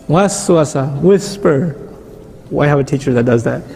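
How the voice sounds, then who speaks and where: A middle-aged man preaching a sermon-style lecture, explaining with rhetorical questions and turning animated at times. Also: mid-range voice, vocal fry. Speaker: Islamic preacher.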